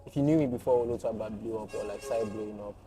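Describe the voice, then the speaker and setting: A man's voice: on the low side, rapid-fire. Young Nigerian guy, Nigerian accent, playful and self-mocking, casual interview, music bed. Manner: laughing, playful, self-deprecating. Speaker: guest content creator and voiceover artist.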